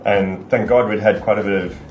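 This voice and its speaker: A South African man telling a long, excitable anecdote in a casual podcast chat. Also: on the low side, brisk, reverberant, muffled recording, soft background music. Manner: excitable, rambling anecdote teller.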